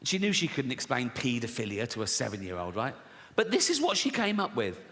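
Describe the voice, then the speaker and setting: A man's voice: medium pitch, wildly swooping pitch, a little fast, fairly bright tone. A middle-aged man doing a stand-up comedy set, telling stories and acting out quoted voices, laughing at his own jokes. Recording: live hall reverb, faint background noise.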